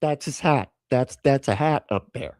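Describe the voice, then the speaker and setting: A man hosting a live reaction stream in loose, casual chat. He talks sarcastically, laughing and swearing often. His voice is mid-pitched and sounds dry and close. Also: unhurried, a little mellow, no echo.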